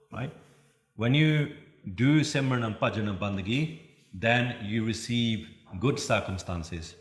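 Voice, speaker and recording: Man preaching in an echoey room. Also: fairly low pitch. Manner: storytelling, sings scripture lines in drawn-out chant. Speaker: Sikh preacher. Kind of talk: katha sermon.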